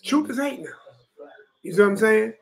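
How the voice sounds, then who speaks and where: A man's voice: high voice, lively intonation, moderate pace, creaky, a crowd in the background, low-quality recording. A man teaching a Bible study to a room of brothers, preaching emphatically and often asking "you know what I'm saying?".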